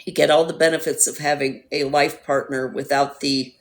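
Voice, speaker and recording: A woman hosting a livestream, chatting casually with viewers in a rambling way, her voice hoarse and going. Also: sits low, fairly even intonation, moderate pace. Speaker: livestream host. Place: at home.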